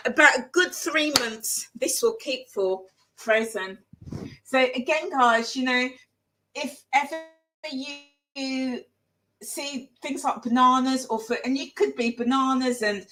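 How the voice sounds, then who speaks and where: Cooking in her kitchen at home, a woman vlogger talks in a loose, rambling way, saying things again to drive them home. She sounds high-ish, pushed and bright, on a poor-quality recording.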